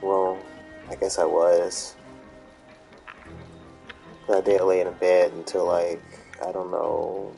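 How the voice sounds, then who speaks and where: Sleepy guy streaming a game, talks slow and mumbles, bit of music in back. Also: sits low, little pitch movement, creaky, warm tone, low-quality recording. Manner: mumbling, trails off, wry asides. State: tired. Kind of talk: casual gameplay commentary.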